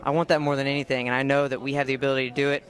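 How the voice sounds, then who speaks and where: A man's voice: mid-range voice, flat delivery, rapid-fire. A man, an athlete, speaking confidently and emphatically in an interview. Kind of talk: post-competition interview.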